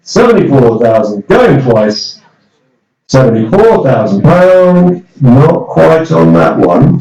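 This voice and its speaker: Male auctioneer, mid-pitched voice, brisk number-calling with playful coaxing, in an echoey room. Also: dark tone, far from the mic. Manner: brisk bid-calling, coaxing bidders with light humour. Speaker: property auctioneer.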